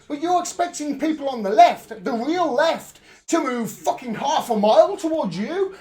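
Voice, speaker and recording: Man ranting over politics, wildly animated pitch. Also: moderate pace, few pauses. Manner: angry, profane, emphatic ranting. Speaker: political livestream commentator. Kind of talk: live ranting commentary.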